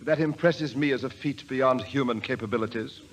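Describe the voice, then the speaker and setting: An actor playing a prim, formal manservant in 1940s radio acting, stiffly polite and saying sir at every turn. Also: male voice, medium pitch, moderate pace, noisy background, natural voice. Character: prim, formal middle-aged English manservant.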